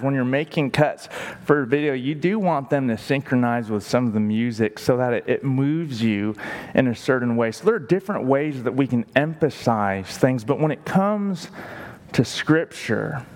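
A man's voice: medium pitch, a little mellow. A man preaching a sermon as pastor, emphatic and stretching words for stress. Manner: emphatic, varies his pace for stress. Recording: long hall reverb.

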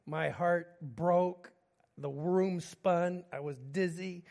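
High-voiced man in his fifties preaching. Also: slow pace, creaky, darkish tone. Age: 50s. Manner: storytelling, moving between humor and grief. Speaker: pastor. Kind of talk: sermon with personal stories.

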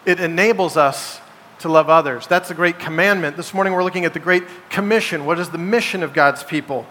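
A male pastor with a high, forceful voice preaches to his congregation, stressing his points and asking rhetorical questions. The sound carries the long reverb of a large church sanctuary. A faint hum of background noise sits under it. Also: fairly quick. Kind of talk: sermon.

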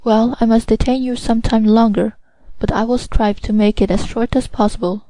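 A stern yet shaken magistrate, as a woman reads him out, murmurs low and quiet. The voice is mellow and warm, in a dry, close recording. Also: fairly even intonation, normal speed, no room sound, close to an everyday voice, low-quality recording. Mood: strained firmness. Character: pale anxious male magistrate, stern and shaken.

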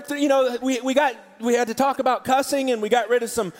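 A man preaching a sermon as pastor, telling stories in an animated way and laughing often. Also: extremely high pitch, quick pace, hardly any pauses. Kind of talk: sermon storytelling. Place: church auditorium. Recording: large hall with live audience.

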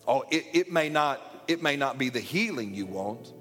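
A man's voice: mid-range voice, animated, normal speed, fairly bright tone, in a large hall, soft background music. A man preaching a sermon as pastor, emphatic and fond of repeated phrases. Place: church sanctuary.

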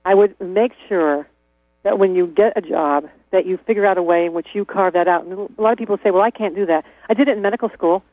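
A man's voice: sits high, fast talker, no room sound. Chatty man on a tinny line. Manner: chatty, laughs often, frequent ums and restarts. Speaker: guest. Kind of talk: casual interview talk. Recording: tinny phone-like line with mains hum.

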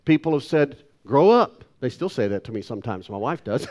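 A man's voice: mid-range voice, very animated, brisk, hardly any pauses, darkish tone. A man in his sixties preaching a sermon with emphatic delivery and self-deprecating asides. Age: 60s. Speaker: pastor.

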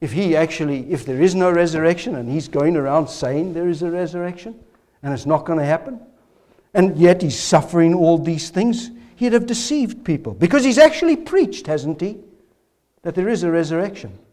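A man's voice: fairly high pitch, animated, normal speed, darkish tone. A man preaching a sermon, driving his points with rhetorical questions and emphatic rises and drops in his voice. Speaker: pastor.

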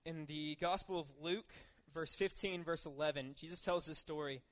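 A young man with a somewhat high voice delivers a laid-back sermon. He reads the passage and then retells it informally, slipping into everyday voices for the people in the story. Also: normal speed, a bit bright. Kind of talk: casual sermon with scripture reading.

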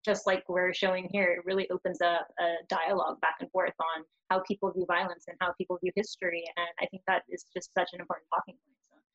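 A woman chatting as an interview guest, her voice full of vocal fry. The recording sounds muffled and lo-fi. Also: on the low side, level tone, fast, fairly bright tone. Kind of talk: casual interview conversation.

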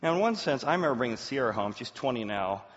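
Animated male pastor preaching in a hall. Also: fast. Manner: animated storyteller, big swings in pitch and loudness. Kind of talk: sermon. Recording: roomy hall, dull sound.

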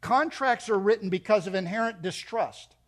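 A middle-aged man preaching a sermon with an expressive delivery, his voice rising and dropping as he makes his points. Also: high-pitched, normal speed. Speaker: pastor.

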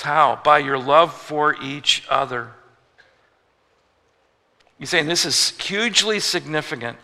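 A man preaches with a very bright, forceful tone, and his voice rings out with long reverb as if in a large church. He tells the story in an animated way, asking rhetorical questions and dropping joking asides. The delivery is that of a pastor in the pulpit. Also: fairly high pitch, slow pace, pauses often. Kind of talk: sermon.

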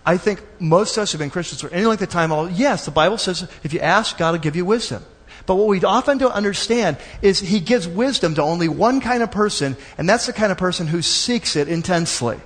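A man preaching a sermon in a lively, conversational way, acting out little asides for the congregation. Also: sits high, fairly quick, in a large hall. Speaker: pastor.

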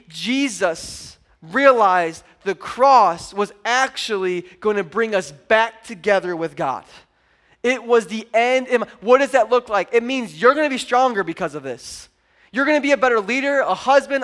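A man, a pastor preaching a sermon and telling family stories with lively energy. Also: high-pitched. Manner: animated storytelling, acts out his daughter's voice.

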